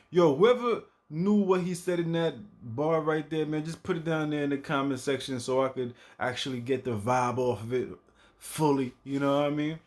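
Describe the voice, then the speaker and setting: A man giving casual reaction commentary in a slow, laid-back way, repeating himself. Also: on the high side. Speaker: reaction video host.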